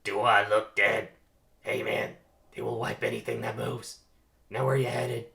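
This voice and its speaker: A man voicing a brash, streetwise male mosquito in a loud, swaggering voice, reading a cartoon script aloud. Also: mid-range voice, flat delivery, unhurried, vocal fry, exaggerated voice.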